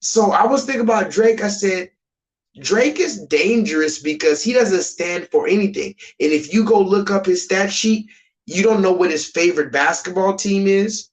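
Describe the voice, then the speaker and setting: A man's voice: sits high, normal speed, poor audio. A man ranting on a live stream, emphatic and repetitive, swearing freely.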